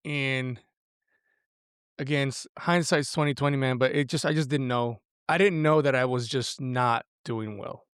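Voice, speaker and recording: A man's voice: medium pitch, fairly even intonation, normal speed, a bit bright, clear, resonant tone, no room sound, studio quality. A man in his forties, a podcast guest talking earnestly and casually about raising daughters, with lots of "like" and "right?". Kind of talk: casual conversation.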